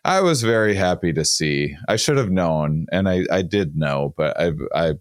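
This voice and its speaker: A man's voice: sits low, animated, moderate pace, dry recording, clean studio sound. A man hosting a podcast where he interviews scientists, bantering playfully and with energy. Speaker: podcast host and festival organizer.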